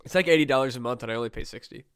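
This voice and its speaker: Young man, podcast host, ranting, swears a lot, smooth voice, slightly high, dry sound. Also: rapid-fire, no room sound. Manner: ranting, heavy swearing, many restarts. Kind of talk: casual chat.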